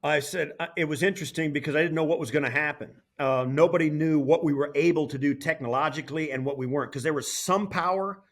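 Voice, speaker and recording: A middle-aged man, a former player turned broadcaster, telling a story as an interview guest in an animated way, with frequent restarts. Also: on the high side, fast, hardly any pauses. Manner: animated, lively, full of restarts. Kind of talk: casual storytelling.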